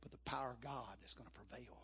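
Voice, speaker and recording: Gravelly preacher man. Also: quick pace. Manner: shouting, chanting cadence at its peaks, then dropping low and hushed. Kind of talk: Pentecostal camp meeting sermon.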